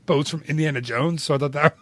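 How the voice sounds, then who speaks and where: A man's voice: on the high side, dry recording. A man co-hosting a travel podcast, chatting casually in an enthusiastic, rambling way. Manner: enthusiastic, rambling, laughs often. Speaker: podcast co-host. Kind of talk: casual chat.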